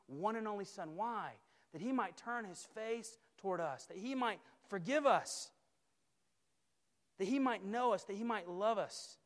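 A man preaching a sermon as a campus minister. He speaks emphatically, building repeated phrases and dropping to quiet intensity. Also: high-pitched. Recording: long hall reverb.

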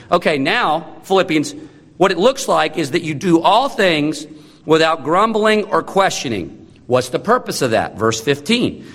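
A man in his thirties preaching a sermon, emphatic, with sudden drops to a low, slow, solemn tone. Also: a bit bright. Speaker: pastor. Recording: long reverb of a large hall.

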